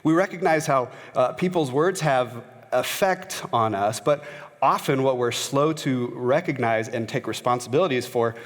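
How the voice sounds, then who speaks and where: Male pastor, conversational storytelling sermon, lots of "uh" fillers, long church-hall reverb. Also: mid-range voice. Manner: conversational, frequent "uh" fillers, grows animated when retelling a story. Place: church sanctuary.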